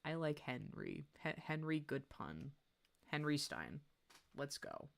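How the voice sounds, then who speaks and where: Excitable low-voiced woman streamer. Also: slow pace. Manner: excitable, gushing, laughs often. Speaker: art streamer. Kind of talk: casual livestream chat while drawing.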